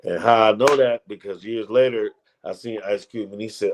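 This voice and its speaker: Brief: male comedian, lower voice, loose slangy storyteller. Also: steady tone, fairly quick. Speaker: comedian guest. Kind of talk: casual storytelling interview.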